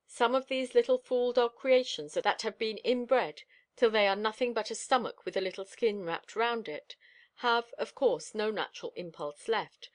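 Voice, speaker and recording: A woman narrating an audiobook in steady, expressive storytelling, told as the dog's own account. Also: mid-range voice.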